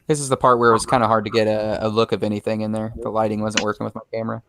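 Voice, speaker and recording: A man's voice: fairly low pitch, rapid-fire, dry recording. A man chatting casually on a livestream, telling stories and acting out the voices of the people in them. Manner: animated storyteller, acts out quoted voices. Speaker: guest presenting a challenge video.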